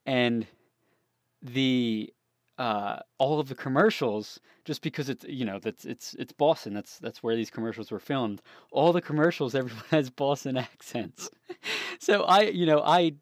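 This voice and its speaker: A man's voice: mid-range voice, no echo, clean studio sound. A young man co-hosting a gaming podcast, talking casually and rambling, often laughing and restarting his sentences. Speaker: podcast co-host. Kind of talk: casual chat.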